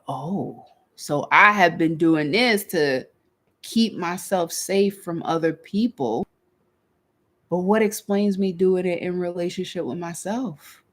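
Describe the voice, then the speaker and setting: A woman who works as a life coach, talking candidly in a reflective monologue and acting out her own inner dialogue with lively shifts. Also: on the low side. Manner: candid, animated storytelling with quoted inner dialogue.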